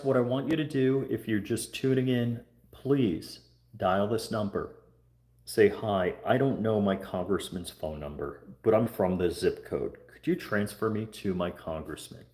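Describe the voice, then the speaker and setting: A man's voice: lowish voice, normal speed, mellow. Man urging viewers in an echoey room. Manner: earnest, repetitive urging, coaching viewers through scripted phone calls. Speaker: livestream host. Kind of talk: casual livestream talk. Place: home room.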